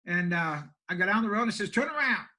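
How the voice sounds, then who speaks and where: A man's voice: high-pitched, fast, bright, forceful tone, rough recording. An older man, a country pastor telling stories in a plainspoken, self-deprecating way during an interview. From Maine, USA. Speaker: pastor and homeless shelter director. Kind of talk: folksy storytelling in an interview.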